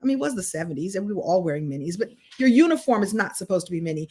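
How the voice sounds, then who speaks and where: A woman's voice: on the low side, big pitch swings, racing, few pauses, a little mellow, breathy edge. A middle-aged woman teaching an online writing masterclass, telling stories expressively in a chatty style with frequent restarts. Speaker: writing coach.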